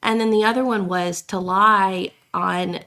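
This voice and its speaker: A hoarse woman, co-hosting a podcast in rambling casual chat with many fillers and restarts. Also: medium pitch, steady tone, a little slow, pushed and bright. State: hoarse, coughing. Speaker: podcast co-host.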